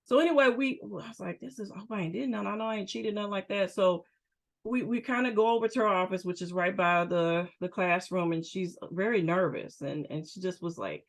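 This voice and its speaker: A middle-aged woman from the United States tells her own story on a podcast, her voice sitting at an everyday middle pitch. She talks candidly and with emphasis, often restarting her sentences as she goes. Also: brisk. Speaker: podcast host, therapist. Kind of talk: personal storytelling.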